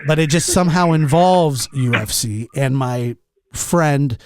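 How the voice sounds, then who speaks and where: A young man hosting a podcast, telling a story in a casual, animated and exasperated way, acting out what others said. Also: medium pitch, a little slow, dry recording. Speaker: podcast host.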